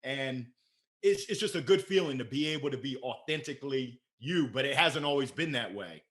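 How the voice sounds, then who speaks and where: A man from Maryland, a podcast guest, telling stories in a playful, energetic, animated way. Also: mid-range voice, moderate pace. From Maryland, USA. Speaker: podcast guest, sales director. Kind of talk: casual interview storytelling.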